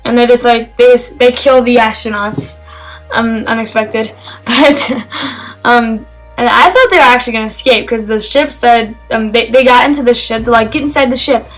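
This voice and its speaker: A woman's voice: a little high, normal speed, faint music behind, rough recording. A woman giving a casual spoken film review, enthusiastic and rambling, with lots of fillers and restarts.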